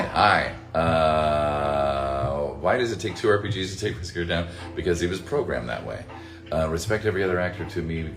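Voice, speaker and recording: Deep, lively-voiced man chatting with fans. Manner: animated, joking, swears casually, reads chat aloud. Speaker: voice actor guest answering fan questions. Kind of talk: casual livestream Q&A. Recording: roomy echo with faint music.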